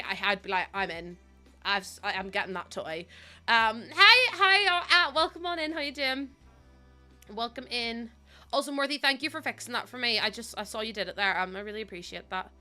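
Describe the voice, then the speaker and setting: A young woman chats with viewers on a casual live stream, her fairly high voice expressive, brisk, pushed, and bright, with faint music behind her. She's giggly as she greets people, yet sounds sniffly and close to tears.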